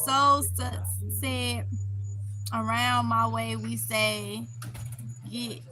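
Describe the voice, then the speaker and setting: A woman with a Mississippi Southern accent chatting casually on a live stream, reading viewer comments aloud, animated and laughing often. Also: a little high, very slow, a little hiss or hum. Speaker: vlogger reading live chat.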